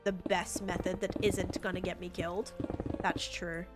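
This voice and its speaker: A woman's voice: fairly low pitch, level tone, moderate pace. Bubbly woman streamer chatting over music. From United States. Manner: bubbly, chatty, reads out chat comments. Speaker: livestreamer. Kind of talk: casual live-stream chat while gaming. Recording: game music behind voice.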